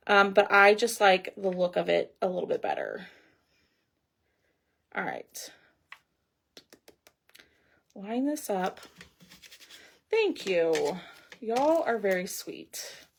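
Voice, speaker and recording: A woman's voice: mid-range voice, expressive, slow, vocal fry, long pauses, a bit bright. A middle-aged woman, hosting a casual craft livestream and chatting with viewers as she works. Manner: chatty, reads viewer comments aloud while crafting.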